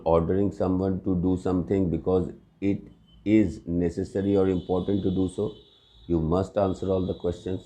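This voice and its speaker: A man's voice: sits low, dark tone. A man teaching English grammar in a recorded lesson, explaining patiently with examples and often checking with "right?".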